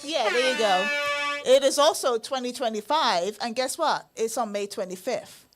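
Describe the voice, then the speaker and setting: A woman's voice: fairly high pitch, moderate pace, over music. Bubbly chatty woman host. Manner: bubbly, chatty, laughs often. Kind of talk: casual live-stream chat. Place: indoor studio.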